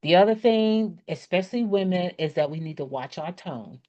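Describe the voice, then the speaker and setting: A workshop presenter leads a casual online session, chatty and often laughing as she acts out different tones of voice. Her lowish voice is warm with lively intonation at a normal speed, and the sound is lo-fi.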